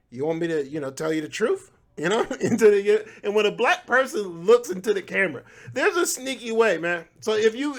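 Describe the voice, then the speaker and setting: Man, podcast host, higher voice, lively pitch, casual solo chat, laughs a lot. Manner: animated, laughing asides, frequent restarts.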